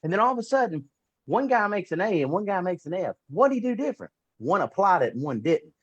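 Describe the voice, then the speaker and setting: Fast-talking upbeat male host. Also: sits high, big pitch swings, husky, lo-fi sound. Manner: rapid, upbeat, promotional. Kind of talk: motivational talk.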